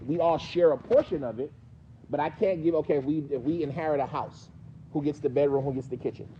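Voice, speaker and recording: A man's voice: a little high, fairly quick, dull audio, slight background noise. A man with a New York accent teaching a mosque class, questioning his students in a conversational way. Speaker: teacher explaining hadith.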